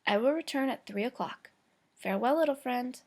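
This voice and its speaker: Kind old professor read by a woman, higher voice, patient and fond with his dog. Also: a little fast, darkish tone. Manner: patient, fond commands to a puppy. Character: kind, gentle older male Japanese professor.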